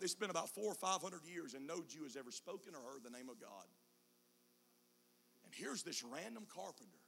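A man preaching in a high, bright voice with a gravelly edge. He swings from quiet, low teaching passages into shouted, half-sung climaxes, dropping an "uh" before each chanted phrase. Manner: whooping preacher cadence, "uh" between chanted phrases. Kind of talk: sermon.

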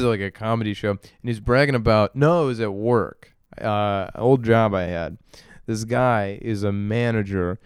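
A young man in a dry, close recording, with a smooth and resonant voice at an ordinary pitch. He rambles through a crude solo comedy rant, swearing freely and breaking into laughter at his own jokes. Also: darkish tone, no room sound. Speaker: podcast host.

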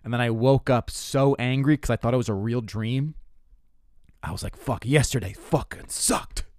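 Rambling, profane young comedian. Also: male voice, medium pitch, normal speed, darkish tone, clean tone, dry recording, clean studio sound. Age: 20s. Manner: rambling, profane, self-mocking storytelling with frequent restarts. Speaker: comedian podcast host. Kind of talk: casual comedic monologue.

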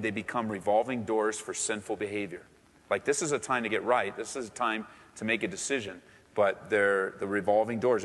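A man's voice: fairly low pitch, a bit bright. Impassioned man preaching in a reverberant church. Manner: impassioned preaching, voice rising sharply in acted prayers. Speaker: pastor. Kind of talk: sermon. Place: church sanctuary.

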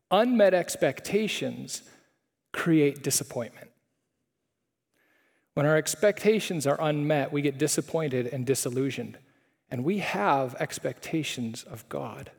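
A man's voice: fairly high pitch, a little slow, vocal fry. A male pastor giving a conversational chapel sermon full of rhetorical questions. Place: chapel hall. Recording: reverberant chapel hall.

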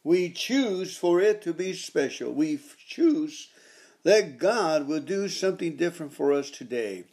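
A man's voice: on the high side, lively intonation, unhurried, a little mellow. A man hosting a devotional podcast, leading repeated prayers and reading aloud with fervent, repetitive exhortation.

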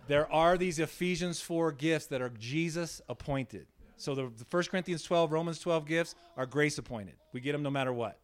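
A man's voice: on the high side, normal speed, clean tone. A man preaching an informal sermon in a small room, telling stories with laughter and frequent "right?" asides to his listeners. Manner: animated, laughing, frequent "right?" tag questions. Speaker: pastor. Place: small room in a church setting.

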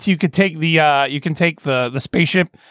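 Male podcast host, excitable, bouncy high delivery, recorded dry. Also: fairly quick, no room sound. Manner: excitable, laughs often, restarts sentences. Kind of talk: casual comedy podcast chat.

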